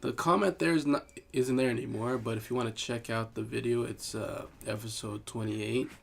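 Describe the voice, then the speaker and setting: A man's voice: mid-range voice, fairly even intonation, moderate pace, creaky. A man co-hosting a podcast in casual chat, rambling with frequent restarts. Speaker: podcast co-host.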